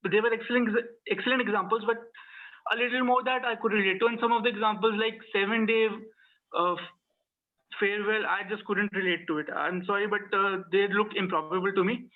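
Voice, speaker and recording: A man giving a hesitant evaluation of a speech at an online club meeting, stopping and restarting often. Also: high-pitched. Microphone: video call. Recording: tinny phone-like line.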